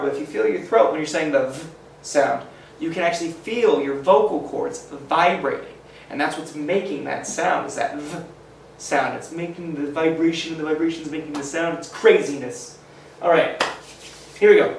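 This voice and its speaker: Male teacher for a kids' phonics lesson, slow and encouraging, a bit high, echoey room. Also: a little hiss or hum. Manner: slow, encouraging, sounds out letters. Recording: echoey room, mic at a distance.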